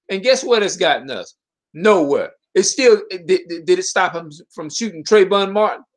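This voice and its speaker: A man's voice: high voice, animated, normal speed. A man giving an impassioned monologue to his viewers, preaching and hammering the same rhetorical questions while stumbling and restarting mid-sentence. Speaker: video commentator.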